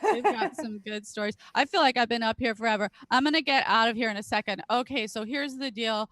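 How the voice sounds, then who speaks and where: A woman's voice: a little high, a little fast, fairly bright tone, dry recording, low-quality recording. A woman in her late thirties doing a stand-up comedy set full of crude, self-deprecating jokes, often laughing at her own lines. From Britain. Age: late 30s. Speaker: stand-up comic. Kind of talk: stand-up comedy set at a virtual charity show.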